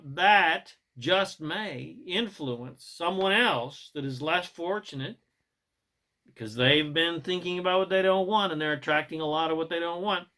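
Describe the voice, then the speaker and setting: Preachy self-help guy, bright voice kinda high, punchy and emphatic. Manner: emphatic, preachy, swings between loud and soft. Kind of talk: motivational monologue.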